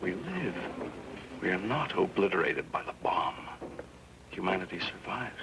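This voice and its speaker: Troubled accused man, gravelly deep voice, wry, hissy old tape. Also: lively intonation, exaggerated voice. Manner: wry, self-mocking, halting. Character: troubled, wry male defendant, self-conscious. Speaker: defendant. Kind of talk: 1960s TV courtroom drama.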